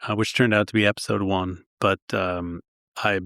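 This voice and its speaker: A man from Long Island with a somewhat low voice, telling stories as a guest historian. He is enthusiastic and pokes fun at himself. The recording is dry and close to the mic. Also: steady tone, moderate pace, fairly bright tone, clear, resonant tone, no room sound. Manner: self-deprecating, enthusiastic storyteller. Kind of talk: conversational storytelling.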